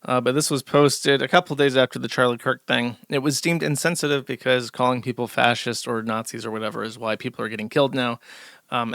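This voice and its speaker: This show host delivers casual commentary with sarcasm and mockery, his mid-range voice bright, sharp and creaky. The recording is close and dry.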